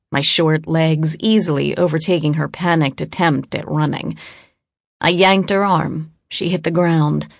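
Low-voiced woman narrating an audiobook. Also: gravelly, dry recording, clean studio sound.

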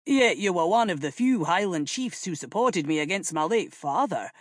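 A woman voicing a commanding young king who speaks in loud, imperious orders. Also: on the low side, lively intonation, normal speed, dry recording, clean studio sound. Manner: blustering, imperious. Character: King James, commanding young royal man.

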